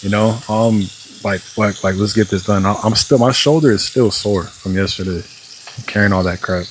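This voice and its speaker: A young male vlogger cooks at home while rambling through a story, swearing freely and sounding fed up, with lots of fillers. His lowish voice moves at normal speed, with frying food and faint noise behind him in the kitchen.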